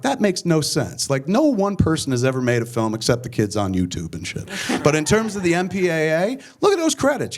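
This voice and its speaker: A man in his forties telling rambling, profane stories on a conference stage. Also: a little high. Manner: profane, rambling, animated storyteller. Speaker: filmmaker guest speaker. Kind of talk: storytelling conference talk. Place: conference stage before an audience.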